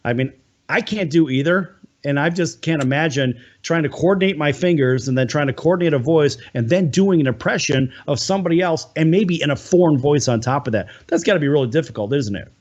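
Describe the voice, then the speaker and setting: A male talk-show host with a slightly raised pitch welcomes viewers and guests in an eager, promotional way. The recording sounds a little dull and lo-fi. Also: a little mellow. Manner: enthusiastic, promotional, quick asides.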